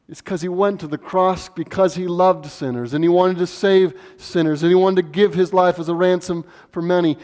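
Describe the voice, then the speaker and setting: A man preaching an expository sermon, emphatic, full of rhetorical questions, moving from hushed tones to fervent bursts. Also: sits high. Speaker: pastor. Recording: long reverb of a large hall.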